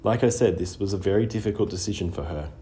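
Calm, measured middle-aged woman guardian, read by a man with a low, warm voice. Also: a little hiss or hum, close to an everyday voice.

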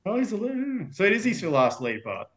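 A man's voice: sits high, wildly swooping pitch, normal speed, fairly bright tone. An Australian man talking casually as a podcast guest, rambling and filling his sentences with "like". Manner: rambling, leans on "like" a lot. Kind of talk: casual film discussion.

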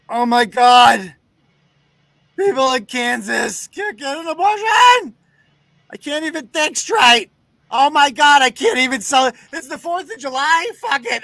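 A man's voice: extremely high pitch, vocal fry, pushed and bright, no room sound, voice pushed up, exaggerated voice. A man mocking a shrieking hysterical woman. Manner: shrieking, wailing mockery. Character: hysterical, sobbing, melodramatic woman.

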